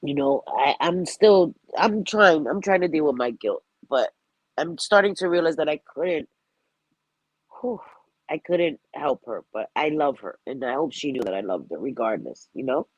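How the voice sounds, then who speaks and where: A woman's voice: sits low, lively intonation, moderate pace, husky, no room sound, muffled recording. A woman hosting a live stream, talking heartfelt and rambling about grief, with a stuffy nose and frequent laughter. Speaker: livestream host. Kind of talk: emotional live-stream chat.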